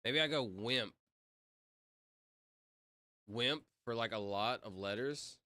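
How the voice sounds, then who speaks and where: A man's voice: medium pitch, slow pace, pushed and bright, dry recording. A man streaming live, chatting casually with his viewers and spelling out letters as he plays a word game. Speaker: livestreamer. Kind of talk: casual livestream chat. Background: music playing.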